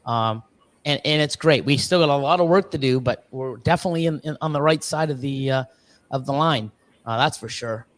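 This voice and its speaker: A man on a livestream, a snake breeder, telling stories with lots of swearing and quick voiced quotes of other people. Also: mid-range voice. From Canada. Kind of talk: casual livestream chat.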